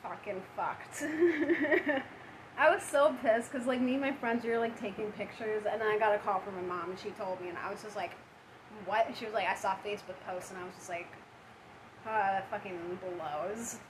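Animated young woman, noisy recording. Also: medium pitch. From Minnesota. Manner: animated, swears often, quick laughs. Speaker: guest. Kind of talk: casual chat.

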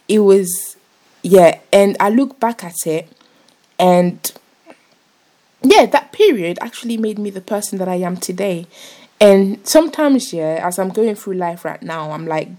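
A woman's voice: lowish voice, lively intonation, unhurried, mellow. A young woman talking earnestly and casually to her viewers about faith, rambling with many fillers and restarts. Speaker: vlogger. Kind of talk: casual faith talk to camera.

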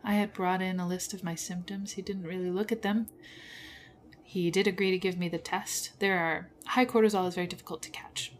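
A woman's voice: lowish voice, fairly even intonation, a little fast, slight background noise. A woman hosting a personal podcast, venting her frustration in an emotional monologue with bitter laughs, close to tears at moments. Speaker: podcast host.

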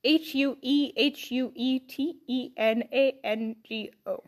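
A woman co-hosting a coffee podcast in casual chat, halting and giggly as she loses her words. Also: high voice, fairly even intonation. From Irish. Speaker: podcast co-host.

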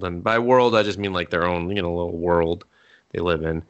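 A man's voice: low voice, level tone, a little fast, clean tone. A man co-hosting a podcast, giving a sarcastic, profane, rambling recap of a show in casual chat. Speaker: podcast co-host.

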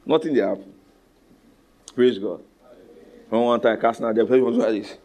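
Normal in speed, this male pastor's Nigerian-accented sermon is authoritative and animated, as he alternates loud exhortation, hushed asides and call-and-response with the congregation.

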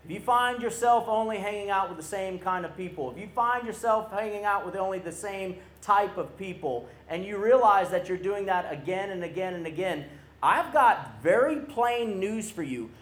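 A man preaching a sermon to a youth camp crowd, animated and calling for responses from the audience. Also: sits high, moderate pace. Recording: roomy hall echo.

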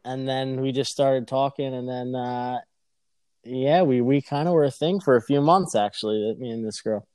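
A man's voice: mid-range voice, steady tone, moderate pace, darkish tone, clean tone, no room sound, clean studio sound. A young man chatting casually, telling a crude story with frequent laughter. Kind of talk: casual chat.

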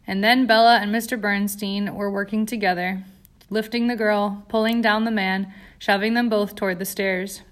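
A woman reads a tense story aloud with steady, dramatic pacing. Her narration stays controlled and clear while the story builds suspense. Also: mid-range voice, normal speed. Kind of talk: audiobook narration.

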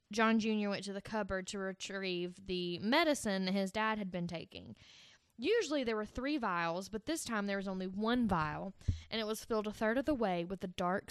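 Woman podcast host, casual storyteller, swears freely, fills pauses with um, dry sound. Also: mid-range voice, clean tone, no room sound. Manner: chatty and profane, many ums.

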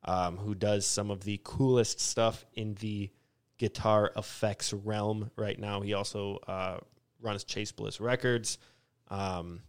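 A young man hosts a podcast in a loose, chatty way, dropping ums as he talks. His voice is smooth and clear. He keeps the conversation relaxed and casual. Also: on the low side, slow. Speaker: podcast host.

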